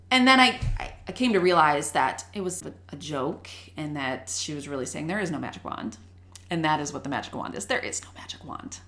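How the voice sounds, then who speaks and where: A woman's voice: low-pitched, a little fast. Chatty woman host in an echoey room. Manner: chatty, lively, jokey. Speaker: show host and reading teacher. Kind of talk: casual talk to parents.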